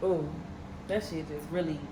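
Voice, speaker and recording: A woman's voice: deep voice, steady tone, moderate pace, echoey room, noisy background. A young woman co-hosting a podcast, speaking in an earnest, emotional and casual way. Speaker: podcast co-host.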